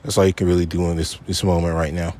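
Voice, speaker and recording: With a deep, slightly mellow voice that barely moves in pitch, a man rants fast on his own podcast. He is angry and profane, repeating himself for emphasis, clearly frustrated and upset.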